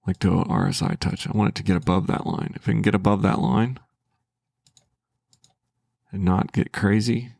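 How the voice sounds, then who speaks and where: A man with a low, gravelly voice talks himself through his trading as a channel host, casual and hesitant. He starts sentences over and thinks aloud. The sound is dry and close, with no room around it. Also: steady tone, normal speed, pauses often, darkish tone, dry recording. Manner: thinking aloud, hesitant, with restarts and self-talk.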